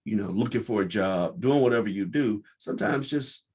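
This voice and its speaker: A man's voice: fairly low pitch, brisk, a little mellow, husky. A man hosting his own show, giving an impassioned, blunt and profane commentary monologue. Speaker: podcast host.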